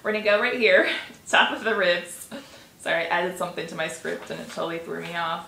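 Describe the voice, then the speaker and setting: A woman guiding a tapping session, coaching gently and sighing between slow repeat-after-me phrases. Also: lowish voice, steady tone, creaky. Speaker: tapping guide. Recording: echoey room with faint noise.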